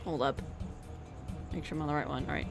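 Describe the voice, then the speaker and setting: A woman streaming a game, reacting loudly, swearing and reading lines aloud. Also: sits low, steady tone, fast, over loud music. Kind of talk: casual game playthrough commentary.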